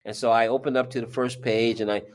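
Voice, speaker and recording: A man's voice: medium pitch, flat delivery, quick pace. A man, a drummer and music teacher, telling a story as an interview guest and acting out the voices he quotes.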